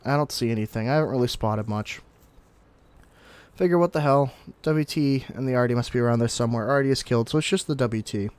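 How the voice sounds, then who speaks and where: A young man talks through a match in a relaxed, explanatory way, now and then jumping up in excitement. His voice sits in an ordinary middle pitch. It is recorded close and dry, with no room sound. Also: fast, clean tone, no room sound. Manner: chatty, explanatory, with sudden excited outbursts. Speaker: gaming commentator. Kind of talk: casual gameplay commentary.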